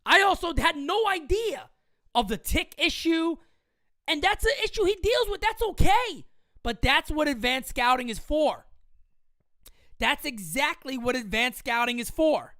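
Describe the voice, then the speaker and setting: A woman's voice: high-pitched, big pitch swings, unhurried, pauses often, a bit bright, no room sound, clean studio sound. A woman in her thirties hosting a sports livestream, ranting heatedly with profanity and repeating her points for emphasis. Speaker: livestream host. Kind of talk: sports fan rant on a livestream.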